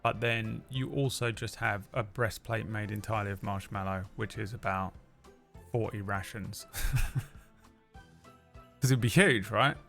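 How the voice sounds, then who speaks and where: A man's voice: fairly low pitch, fairly even intonation, unhurried, creaky, pauses often, fairly bright tone, soft background music. A man running a tabletop role-playing game as game master, jokey and rambling, with many fillers.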